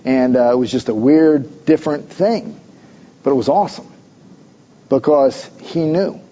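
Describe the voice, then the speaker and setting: A man's voice: medium pitch, unhurried, mellow, muffled recording. A middle-aged man preaching a sermon, mixing conversational storytelling with emphatic exhortations. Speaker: pastor.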